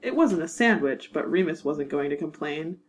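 Low-voiced woman narrating a fan audiobook. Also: animated, poor audio. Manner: measured, wry storytelling. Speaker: narrator and producer.

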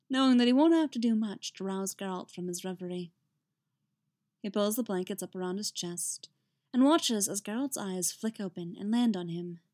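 A woman reading fiction aloud in a calm, unhurried storytelling manner. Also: medium pitch. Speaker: reader. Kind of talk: audiobook-style fiction reading.

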